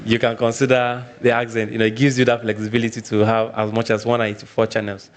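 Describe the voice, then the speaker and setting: A man's voice: on the low side, monotone, fast. Nigerian man giving a tech workshop. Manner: repeats points, frequent "all right" check-ins. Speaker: workshop presenter. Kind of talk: live technical presentation.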